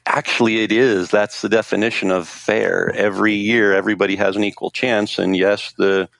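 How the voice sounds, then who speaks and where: A man's voice: on the low side, flat delivery, normal speed, creaky, a bit bright, dry recording. A man co-hosting a podcast in casual chat, matter-of-fact and laughing between thoughts. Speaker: podcast co-host.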